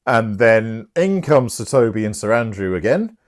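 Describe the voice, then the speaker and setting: A man's voice: fairly low pitch, very animated, moderate pace. A young man casually retelling a plot, chatty and irreverent, swearing now and then. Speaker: channel host.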